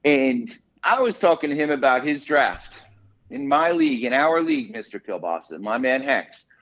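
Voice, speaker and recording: A man who is a guest on a podcast, telling stories in lively casual chat with plenty of swearing. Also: on the high side, moderate pace, vocal fry, dull audio. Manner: animated, profane storyteller.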